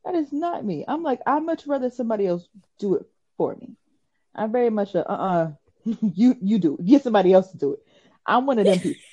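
A woman in her twenties co-hosting a podcast, telling stories in an animated, giggly way. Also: on the high side, fast talker, lo-fi sound. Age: 20s. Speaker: podcast co-host. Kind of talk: casual chat.

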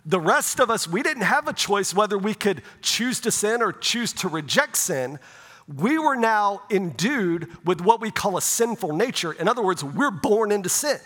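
Very animated and speaking at normal speed, this middle-aged pastor has a high, fairly bright voice. He preaches in a conversational style, frequently asking "right?", and the sanctuary's long reverb fills the recording.

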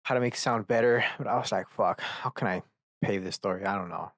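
A man's voice: lowish voice, a little fast, gravelly, a bit bright, no room sound. Young male podcast host, loose profane rant, dry close sound. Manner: profane, rambling storyteller who acts out characters. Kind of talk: casual rant.

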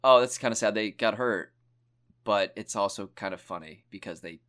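A man's voice: fairly low pitch, moderate pace. Laid-back young man telling stories. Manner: animated storytelling with frequent swearing and laughter. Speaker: podcast co-host. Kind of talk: casual chat.

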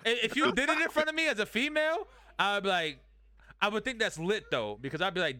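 A man hosts a loose, joking group podcast, talking quickly and laughing often. His voice is bright and crisp, and the room sounds dry. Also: high-pitched, sing-song, no room sound. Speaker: podcast host. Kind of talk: casual group chat. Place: studio room with several guests.

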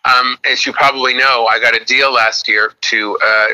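A man being interviewed, telling lively stories in casual chat and acting out the people he quotes. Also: normal speed, low-quality recording. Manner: animated storyteller, acts out quotes in a higher voice. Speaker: guest.

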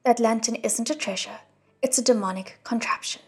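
A woman's voice: fairly high pitch, normal speed, husky, soft background music. A woman voicing an earnest, kind young male crown prince in a storybook reading, solemn and admonishing.

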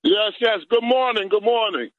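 High-voiced male caller on a dull phone line. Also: moderate pace, no room sound, faint music behind. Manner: persistent, stammering, chuckling. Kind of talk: call-in argument.

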